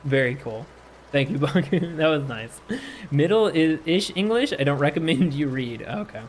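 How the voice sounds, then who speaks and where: A man's voice: mid-range voice, a little hiss or hum. A man streamer reading chat aloud and laughing often as he talks casually on a live stream.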